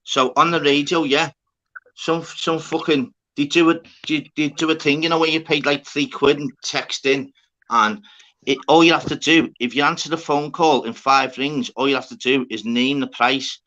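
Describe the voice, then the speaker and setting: A man's voice: a little high, steady tone, moderate pace, sharp tone, lo-fi sound. A man telling a sweary story in casual chat. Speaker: host.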